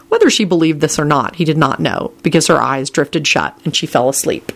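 A woman narrating a story aloud in a calm, measured way. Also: sits low, creaky. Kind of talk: storybook reading.

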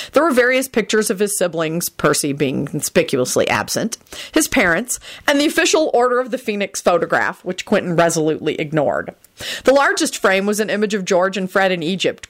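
Animated woman reading a story. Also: lowish voice. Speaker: narrator. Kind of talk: fan-fiction audiobook reading.

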